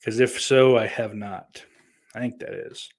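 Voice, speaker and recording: A man's voice: on the low side, unhurried, vocal fry. A man with a Southern US accent, hosting and reading chat messages aloud, rambling and swearing bluntly. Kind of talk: casual chat.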